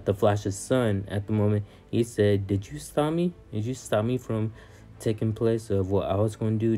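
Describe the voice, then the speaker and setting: A man with a gravelly, creaky edge to his voice runs through an episode recap in a loose, chatty way. He strings fillers through his retelling. Faint music plays underneath. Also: medium pitch, a little mellow. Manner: loose, rambling delivery with fillers and quoted lines. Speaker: YouTube recap host.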